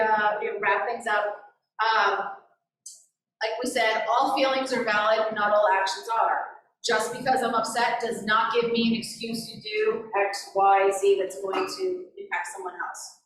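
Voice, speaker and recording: Brief: woman school educator presenting to parents, animated, recorded far off in an echoey room with an audience. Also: a little high, moderate pace, background noise. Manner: animated, breaks into lively child and parent voices. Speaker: early childhood educator leading a parent seminar.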